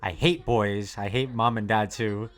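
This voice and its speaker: A woman's voice: rumbling low, fairly even intonation, measured pace. A proud, lonely teenage girl from an anime dub. She speaks in short, defiant declarations with a stubborn edge. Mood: desperate.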